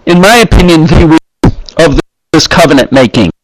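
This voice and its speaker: A man teaching scripture in an unhurried way, pausing often as he reads Hebrew phrases and explains them. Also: on the high side, noisy background. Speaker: Bible teacher.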